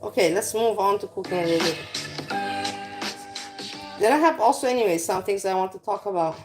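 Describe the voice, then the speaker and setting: A woman's voice: medium pitch, brisk, soft background music. A woman vlogging while cooking in her home kitchen, talking in a blunt, rambling and profane way. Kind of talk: casual rambling chat.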